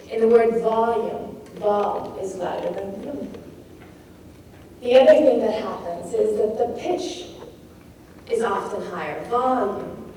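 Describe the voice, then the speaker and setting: Woman poet, fairly high mellow voice, lecturing from far off in a roomy hall, faint hiss. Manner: thoughtful, demonstrative, reads verse slowly and expressively. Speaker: poet giving a craft talk. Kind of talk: lecture on poetic rhythm. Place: lecture hall at a poetry festival.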